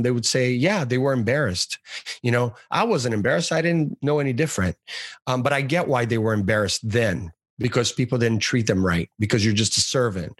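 This is a man from Brazil in his forties, talking as a podcast guest in an easy, loose way, circling back and restarting his sentences. His pitch sits in the middle range for a man, and the sound is close and dry with no room around it. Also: dry recording. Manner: relaxed, rambling, many fillers and restarts. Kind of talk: casual interview storytelling.

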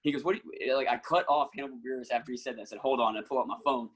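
A man with a husky, slightly rough voice spins a long, animated story as a guest. He acts out the lines of the people he quotes and breaks into laughter often. His tone stays relaxed and conversational. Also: medium pitch, very fast, low-quality recording. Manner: animated anecdotes, acting out quotes, frequent laughs. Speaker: actor and musician, guest. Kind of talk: casual storytelling.

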